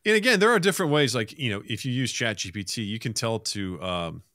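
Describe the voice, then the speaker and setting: A man co-hosting a podcast, chatting casually and telling animated stories, swearing freely. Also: mid-range voice, a little fast, no echo, studio quality. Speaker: podcast co-host. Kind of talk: casual chat.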